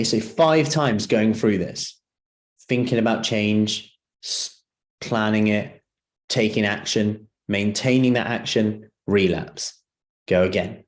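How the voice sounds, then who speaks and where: A man, lower in pitch than most, leads a live seminar in a relaxed, conversational way. He keeps throwing questions out to the room as he coaches. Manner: conversational, asks the audience questions. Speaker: personal trainer leading a seminar.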